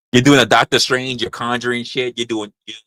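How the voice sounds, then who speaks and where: A man's voice: mid-range voice, steady tone, normal speed, no echo. Guy ranting on a livestream, crude jokey rambling, dry close sound. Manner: loud, rambling, crude and joking, repeats himself. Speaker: livestream host. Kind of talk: casual livestream talk.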